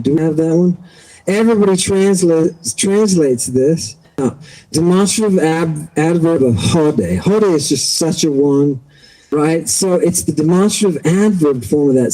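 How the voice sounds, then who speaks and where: Man, livestream lecture, excitable, joking, fairly high pitch, mellow warm tone. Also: rough recording. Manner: excitable, exclamatory, joking asides. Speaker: livestream host. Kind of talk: animated livestream lecture on ancient texts.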